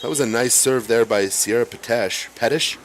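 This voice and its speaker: A man calling a high school volleyball match as play-by-play announcer, chatty and quick to exclaim. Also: fairly even intonation. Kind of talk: live volleyball commentary.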